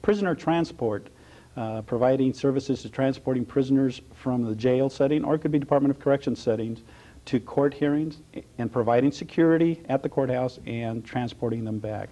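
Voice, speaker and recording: A middle-aged man with a slight Texas accent, a county sheriff giving halting, measured interview answers full of "uh" pauses. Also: mid-range voice, mellow, dull audio. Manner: halting, many uh fillers, measured.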